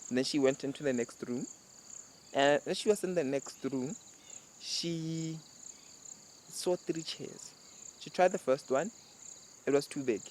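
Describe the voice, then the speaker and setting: A man's voice: medium pitch, a little hiss or hum. A man hosting a daily show, telling a fairy tale casually and then reflecting on it, rambling and correcting himself. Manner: relaxed, rambling, self-correcting. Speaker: host.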